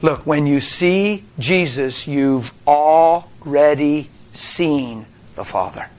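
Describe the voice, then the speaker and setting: A man's voice: on the high side, takes it slowly, darkish tone. A man preaching a sermon emphatically, asking rhetorical questions and calling out to the congregation.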